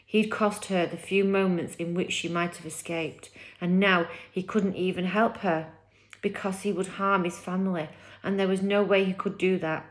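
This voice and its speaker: A woman reading a children's novel aloud chapter by chapter, with expressive, dramatic storytelling. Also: fairly low pitch, moderate pace.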